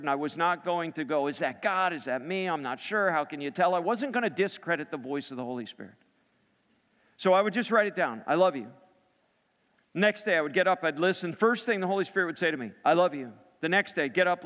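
A man preaching a sermon as a personal story, swinging between raised and hushed delivery. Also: fairly high pitch. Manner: storytelling, dramatic shifts between loud and hushed. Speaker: pastor. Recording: long hall reverb.

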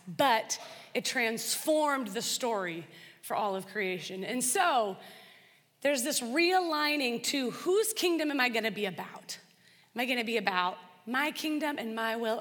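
A woman's voice: a little high, a bit bright, in a large hall. A young adult woman giving an earnest, conversational faith talk, acting out prayers as she teaches. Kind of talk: sermon-style teaching talk.

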